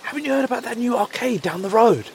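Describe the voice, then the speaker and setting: A man voicing an excitable young male gamer in a comedy arcade ad. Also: fast talker, gravelly, a little hiss or hum, heavily acted. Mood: cheery. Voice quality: high, swooping voice.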